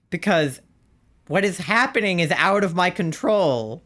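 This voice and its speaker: Expressive, bright-voiced streamer. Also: mid-range voice, a little slow. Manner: exasperated, swears often, yelps and shouts. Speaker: streamer playing a video game. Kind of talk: live gameplay commentary.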